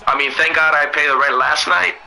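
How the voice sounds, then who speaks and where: A man with a hoarse voice in loose, laughing casual chat as co-host, swearing freely. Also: a little high, steady tone, a little fast, bright, forceful tone, rough recording.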